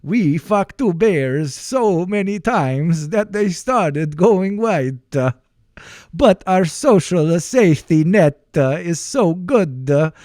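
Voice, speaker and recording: A young man voicing a goofy male panda in a slow, sing-song mock Swedish accent with broken English. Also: sits high, animated, a little mellow, no echo, studio quality, voice pushed up. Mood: silly.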